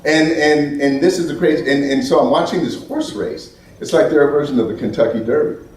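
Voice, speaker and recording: An American man giving an animated storytelling talk at an event, restarting often and acting out the voices he quotes. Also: a little high, a little fast. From United States. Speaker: speaker at an event. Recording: roomy hall from far off.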